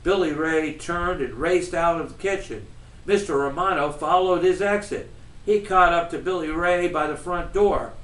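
A man's voice: a little high, moderate pace, a bit bright. A man, the author, narrating his own novel in a storybook reading. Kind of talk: storybook read-aloud narration. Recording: roomy, from far off.

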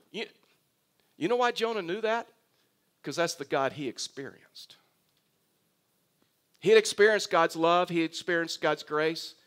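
High-voiced pastor preaching a lively sermon. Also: male voice. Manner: conversational storytelling, wry humor; animated, voices imagined dialogue with Jonah.

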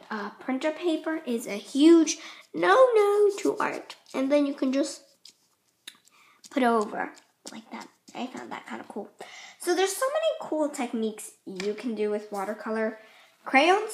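A woman's voice: a little high, slight background noise. A woman hosting a casual craft tutorial, chatty and rambling, often apologizing as she explains. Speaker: art tutorial host.

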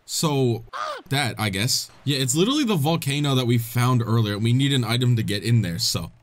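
A man giving excitable, jokey commentary while playing a video game, laughing often. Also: mid-range voice, brisk. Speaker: gaming video host. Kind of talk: let's play commentary.

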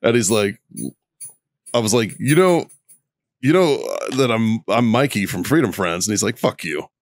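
Low-voiced man telling stories, dry sound. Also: normal speed, no room sound. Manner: profane, laughing storyteller. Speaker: podcast co-host. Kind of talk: casual storytelling chat.

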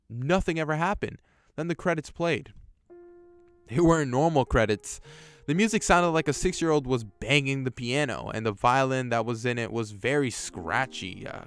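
In a clean-toned, medium-pitched voice, a man casually reads a horror story aloud for YouTube. Along the way he comments with his own reactions and swears from time to time.

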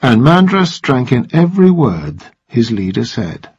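A man narrating a story aloud for English listening practice, with a measured, expressive delivery. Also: medium pitch, husky, no room sound, dull audio.

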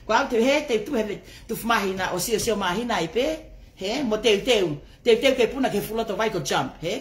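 A woman's voice: mid-range voice, slight background noise. A woman ranting angrily on her livestream, heated and profane, swinging between English and Tongan. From not raised in Tonga. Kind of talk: angry livestream rant.

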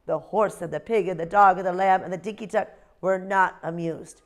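A woman teacher leading a phonics lesson with young children and reading them a story in a slow, sing-song way. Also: lowish voice, fairly even intonation. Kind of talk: phonics lesson and read-aloud.

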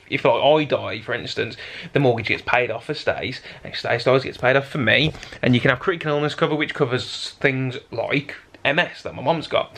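Chatty fast-talking British young man. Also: medium pitch, fairly bright tone. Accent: British English. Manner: rambling, chatty, self-correcting. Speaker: vlog host. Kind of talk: casual chat to camera.

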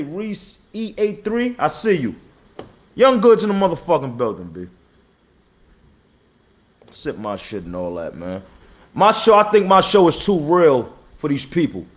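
A man in his thirties, a battle rapper hosting his own live stream. He talks blunt and profane, repeats himself and gives shout-outs to viewers, and says he is tired. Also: high voice. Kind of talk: casual live-stream talk.

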